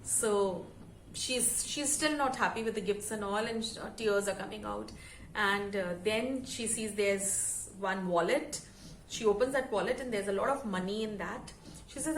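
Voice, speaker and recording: A woman, telling a story to her channel in an expressive, chatty way. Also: medium pitch, unhurried, echoey room, a little hiss or hum, rough recording. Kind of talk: storytelling vlog.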